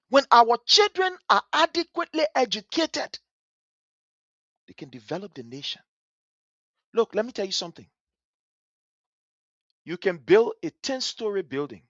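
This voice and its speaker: Liberian stream host, animated pitch, heated and passionate, rants to camera. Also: no room sound, lo-fi sound. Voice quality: passionate, emphatic, repetitive. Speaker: livestream host. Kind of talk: angry live commentary over a video.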